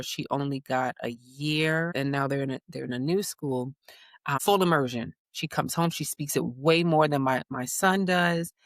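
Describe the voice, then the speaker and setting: Woman, gravelly voice, dry close sound, animated storyteller, born in the United States. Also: rumbling low, no echo. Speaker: guest. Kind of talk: conversational interview.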